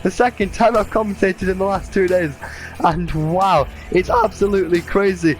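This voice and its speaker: A man commentating a sim racing event with excited play-by-play, saying he is losing his voice. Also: sits high, normal speed, soft background music. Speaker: race commentator.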